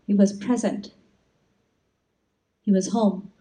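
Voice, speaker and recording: A woman spiritual teacher giving an inspirational talk, telling stories in a gentle, reflective way. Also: medium pitch, steady tone, slow pace, poor audio.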